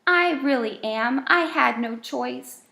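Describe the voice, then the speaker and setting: A woman doing a sad little book-thief creature from a bedtime storybook, meek and pleading, a slow, gentle, lightly raised voice that begs to be forgiven and sounds small. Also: high-pitched, gravelly, echoey room, voice pushed up, full character voice. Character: small sorry book-snatching creature, male.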